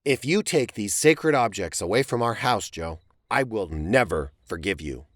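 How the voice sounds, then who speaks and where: A man's voice: lowish voice, animated, moderate pace, no echo, studio quality, lightly acted. A man voicing an angry, scornful young farm brother in a storybook reading. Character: furious hot-headed young farm brother.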